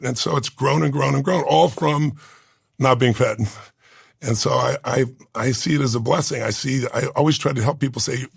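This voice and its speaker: Gravelly man in his sixties. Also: medium pitch, normal speed, dry recording, clean studio sound. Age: 60s. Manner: earnest, intense, rough gravelly voice, moved to tears. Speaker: interview guest. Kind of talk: emotional personal storytelling.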